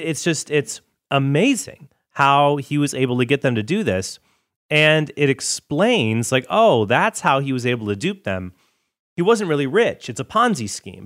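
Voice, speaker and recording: A man's voice: medium pitch, fairly bright tone, dry recording, studio quality. A man hosting a show, talking casually with asides and brief mock voices. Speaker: podcast host. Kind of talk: casual commentary.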